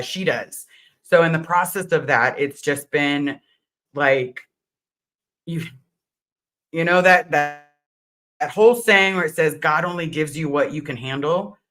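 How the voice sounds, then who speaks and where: Woman on a livestream, bright voice, greets everyone by name, rambly storytelling. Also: sits low. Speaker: livestream host. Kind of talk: casual live-stream chat.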